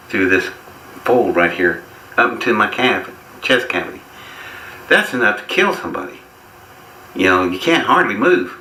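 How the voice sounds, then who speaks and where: A man's voice: lowish voice, bright, forceful tone, echoey room, a little hiss or hum, rough recording. A man guest in an interview, telling a long personal story in a folksy, wry way and chuckling at his own lines. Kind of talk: casual storytelling.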